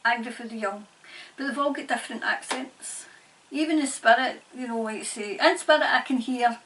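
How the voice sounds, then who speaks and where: Halting woman, far from mic. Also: sits high, fairly bright tone. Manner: halting, repetitive, murmured phrases. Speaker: tarot reader and medium. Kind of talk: spirit-channelling reading. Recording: distant mic, faint background noise.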